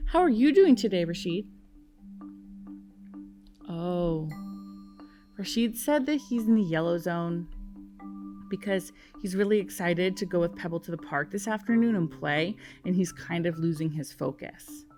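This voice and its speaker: A woman teaching a first grade class on television, speaking in a slow, sing-song voice aimed at young children. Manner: slow, animated, sing-song teacher talk with big pitch swings.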